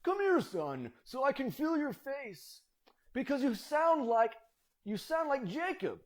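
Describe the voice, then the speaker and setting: A man voicing a frail old blind father on his deathbed, in a quavering, drawn-out old voice. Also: very high voice, very animated, voice pushed up, heavily acted. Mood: suspicious. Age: older.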